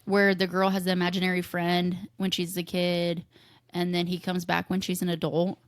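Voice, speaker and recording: A woman's voice: on the low side, completely flat delivery, normal speed, dry recording, clean studio sound. Playful woman co-hosting a chat podcast. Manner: asks questions from a list, playful. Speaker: podcast co-host. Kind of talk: casual chat.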